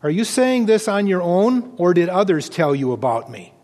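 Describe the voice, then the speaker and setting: A preacher reading as a calm, steadfast teacher. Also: male voice, high-pitched. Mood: solemn. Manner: measured, solemn declarations. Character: calm, steadfast male prisoner-teacher answering his judge. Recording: long reverb of a church hall.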